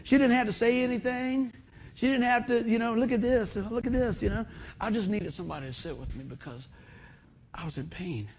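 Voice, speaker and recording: A man preaching a sermon in a folksy storytelling manner, swinging from loud bursts to quiet asides. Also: high voice, fairly quick, creaky, a little hiss or hum. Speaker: pastor.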